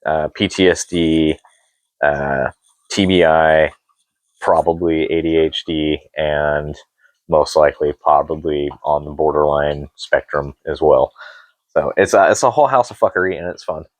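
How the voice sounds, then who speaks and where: A man's voice: a bass voice, measured pace, no echo, poor audio. A middle-aged man co-hosting an unscripted couple's podcast, talking candidly and rambling, swearing freely. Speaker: podcast co-host.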